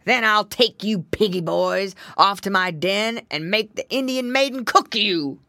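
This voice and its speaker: A woman's voice: mid-range voice, a little slow, sharp tone, dry recording, clean studio sound. A woman voicing a big hungry male black bear in a children's story, growling and drawn out. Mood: greedy growling.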